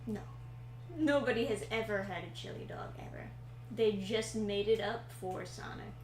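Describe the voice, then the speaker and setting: A woman's voice: mid-range voice, normal speed, a little mellow. A woman playing a video game and chatting casually, blunt and swearing when the game frustrates her. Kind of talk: casual gameplay chat. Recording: roomy sound with faint hum.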